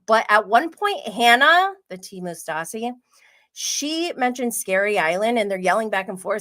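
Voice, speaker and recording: A woman with a bright, clear voice hosts a relaxed pop culture livestream. She talks in a loose, chatty way, peppering her sentences with "like" and laughing often. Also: on the high side, unhurried. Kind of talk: casual gossip chat.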